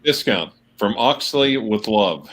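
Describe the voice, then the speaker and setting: A man's voice: lowish voice, expressive, slow pace, fairly bright tone. A man co-hosting a livestream, cracking jokes and reading out viewer comments. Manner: wisecracking, reading out jokey comments. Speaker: livestream co-host. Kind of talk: casual livestream banter.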